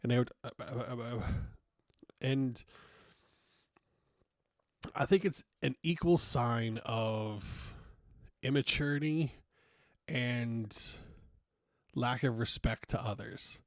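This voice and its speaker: A man's voice: mid-range voice, slow, long pauses, no room sound, studio quality. A man hosting a podcast, talking through a loose, frank monologue with casual swearing and many fillers. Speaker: podcast host.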